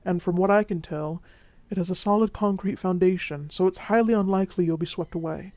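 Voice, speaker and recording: Speaking a little fast in a natural mid-range voice with no echo, the performer portrays a charming male vampire whose Mexican Spanish accent is part of the act. He is warm and reassuring, teasing at first, then soothing and slipping into whispers in this role-play drama.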